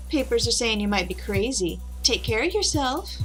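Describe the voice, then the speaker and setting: A woman with a fairly high voice commentates on a game and reads its dialogue in a playful tone. Faint music plays underneath. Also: expressive, normal speed, fairly bright tone. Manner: playful, voices characters while reading. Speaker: let's play host.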